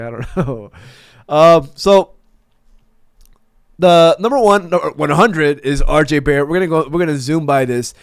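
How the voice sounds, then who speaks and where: A man's voice: on the high side, smooth, no echo, clean studio sound. A man giving casual, rambling commentary as a basketball fan, with stammering restarts and profane asides.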